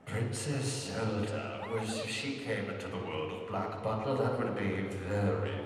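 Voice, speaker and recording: A man's voice: fairly low pitch, animated, a little slow. A man speaking theatrically and playfully on a convention Q&A panel. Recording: echoey hall, far from mic, noisy.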